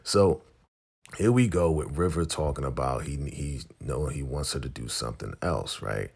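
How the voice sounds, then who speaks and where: Very deep, gravelly man recapping TV. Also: normal speed. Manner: animated, chatty retelling. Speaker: TV recap host. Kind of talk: casual episode recap.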